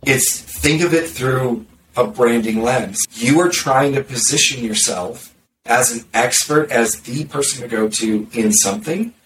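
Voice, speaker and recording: A man's voice: mid-range voice, fairly bright tone. Blunt, sarcastic man on a distant mic. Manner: blunt, sarcastic, quick with restarts and repeated words. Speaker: marketer discussing content strategy. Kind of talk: casual podcast conversation. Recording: roomy, distant mic with faint background noise.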